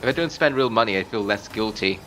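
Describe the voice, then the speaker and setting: Excitable male game streamer, lively pitch. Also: quick pace, slight background noise. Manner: chatty, bursts into loud screams and laughs at the game. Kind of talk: live gameplay commentary.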